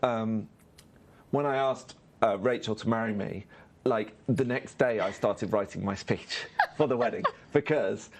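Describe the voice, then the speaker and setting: A screenwriter being interviewed on stage, speaking haltingly with many restarts and fillers. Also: male voice, on the low side. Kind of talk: conversational interview. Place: on stage at a live festival event.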